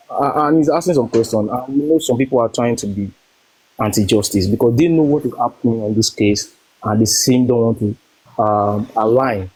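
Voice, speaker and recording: A man, standing in as host of a live session, recapping hesitantly with many fillers and reading scripture slowly. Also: mid-range voice, a little mellow, poor audio.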